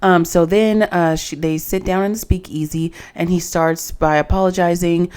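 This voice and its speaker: Recapping a reality dating show in a casual, sassy way, this woman acts out what the cast said, her pitch rising on the quotes. Her voice is smooth, a little mellow, and steady in tone at a moderate pace.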